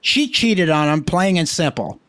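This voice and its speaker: A man co-hosts a casual podcast in a fairly high voice. He rambles in crude, profane bursts. He breaks into stories and acts out the quotes. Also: measured pace. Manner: profane, rambling, animated storytelling with acted-out quotes. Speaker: podcast co-host.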